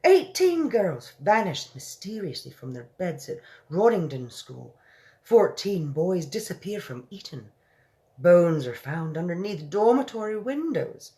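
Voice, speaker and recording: A woman's voice: on the low side, big pitch swings, unhurried, mellow, pitched above the performer's own voice. A woman reading a storybook aloud and voicing a refined, self-controlled elderly queen with a posh, exclamatory manner. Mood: horrified.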